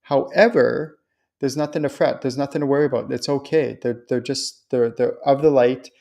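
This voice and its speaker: A man hosts a live stream in a chatty, reassuring way. His voice sits at an ordinary middle pitch. He often jumps up high to act out excited quotes from other people. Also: moderate pace, vocal fry. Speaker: host and spiritual channeler. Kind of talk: live-stream talk answering viewer questions.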